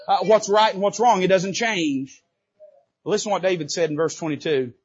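A man with a high, husky voice preaches a sermon from the pulpit, swinging from loud emphatic bursts to quiet asides and tossing quips to the congregation. The church recording sounds dull and lo-fi. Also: normal speed. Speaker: Baptist preacher.

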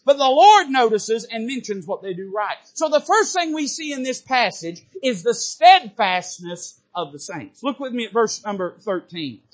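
High-voiced fervent preacher man. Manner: fervent, rising to shouts. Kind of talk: sermon. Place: church service.

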